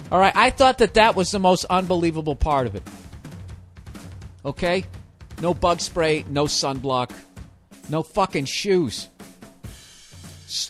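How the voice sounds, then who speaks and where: Casting: male comic, voice a touch high, swearing constantly, sarcastic rant with faint music underneath. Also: fairly bright tone. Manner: heavily profane, sarcastic ranting. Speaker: comedian podcaster. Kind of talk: comedic rant. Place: hot indoor room.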